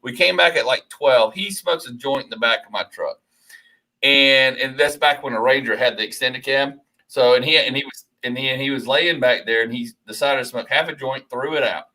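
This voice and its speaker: A man in his forties from Georgia telling a long animated story, swearing freely, on a casual podcast. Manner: animated, swearing, rising pitch as story builds. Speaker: podcast co-host.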